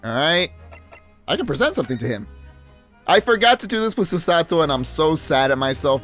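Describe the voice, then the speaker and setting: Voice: medium pitch, expressive, brisk, a bit bright, soft background music. A let's play gamer giving casual, chatty game commentary with a self-mocking manner.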